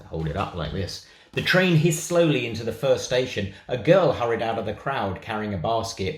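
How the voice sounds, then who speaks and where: A man's voice: on the low side, animated, moderate pace, reverberant. A man from England reads a children's picture book aloud for a synagogue, with playful, chatty asides. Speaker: storybook reader for a synagogue.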